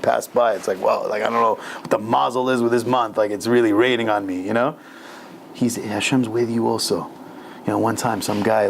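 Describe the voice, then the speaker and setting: A man's voice: medium pitch, gravelly, a little hiss or hum. A man teaching an informal Torah class, talking casually and animatedly with slang and Hebrew terms mixed in. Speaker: rabbi teaching a weekly class. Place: synagogue lower-level room.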